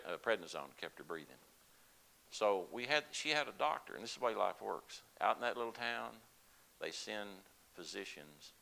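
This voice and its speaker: A man's voice: low voice, vocal fry, bright, forceful tone, poor audio. An older man telling a personal story to a congregation in a folksy, conversational way. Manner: folksy, conversational, with laughs and asides. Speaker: lay speaker at a church service.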